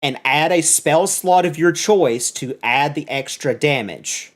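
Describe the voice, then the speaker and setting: A man's voice: fairly high pitch, unhurried. A man running a tabletop game as dungeon master, explaining item rules at length and correcting himself as he goes.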